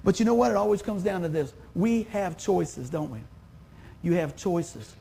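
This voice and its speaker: A man's voice: high-pitched, moderate pace, gravelly, mellow, a little hiss or hum. A man, preaching a sermon in a folksy, conversational way. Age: 50s. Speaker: pastor.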